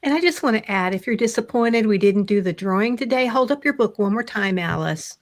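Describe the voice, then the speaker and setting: A woman's voice: fairly high pitch, animated, a little fast. A woman co-hosting a live stream on a video call, chiming in with friendly remarks. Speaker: co-host, editor.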